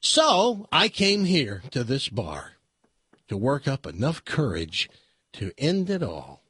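A man's voice: medium pitch, lively intonation, takes it slowly, gravelly, slightly rough, no room sound, full character voice. A man voicing a timid little man in a suit, telling his woes in a mournful, plaintive way. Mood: despairing.

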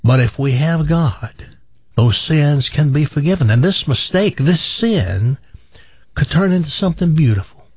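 A man impersonating a soft-spoken TV preacher. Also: a little high, expressive, unhurried, breathy edge, no echo, highs cut off, full character voice. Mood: prayerful. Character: soft-spoken male TV preacher telling a tale.

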